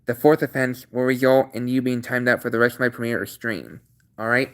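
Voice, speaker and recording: A man hosting his own channel stream, laying out chat rules in a halting, repetitive way with many restarts, earnest and apologetic at times. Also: medium pitch, steady tone, smooth. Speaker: channel host. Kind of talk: casual livestream talk.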